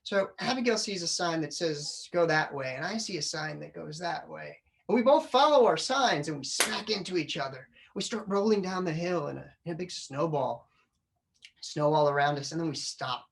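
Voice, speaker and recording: A middle-aged man giving a humorous storytelling speech to a club audience, animated, acting out his family's lines. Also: on the high side, normal speed, gravelly, a little hiss or hum. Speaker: public speaker. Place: club meeting room.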